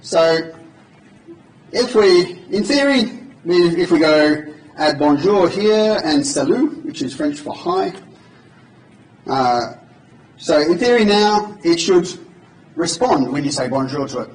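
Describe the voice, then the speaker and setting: Taking it slowly and pausing often, a conference speaker with an expressive, fairly high voice does a joking, informal live coding demo for people in a large hall. The audio is recorded from far off and echoes around the hall.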